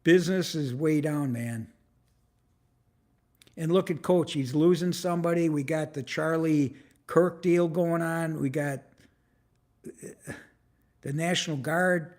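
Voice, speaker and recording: A man's voice: a little high, slow, long pauses, darkish tone. An older man in his seventies hosting a casual live stream from a camera on a tripod, rambling, frustrated and swearing as he greets viewers in the chat by name. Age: 70s. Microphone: phone or camera on a tripod.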